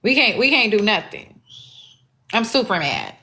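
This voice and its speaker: A woman's voice: medium pitch, sing-song, normal speed, bright, forceful tone. Blunt, profane woman livestreamer. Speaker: livestream host. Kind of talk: casual live-stream commentary.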